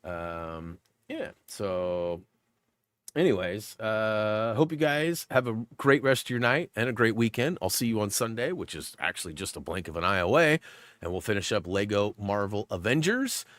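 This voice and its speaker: A middle-aged man hosting a casual live stream, rambling through stories with quick asides. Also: on the low side, lively intonation, a bit bright, no room sound.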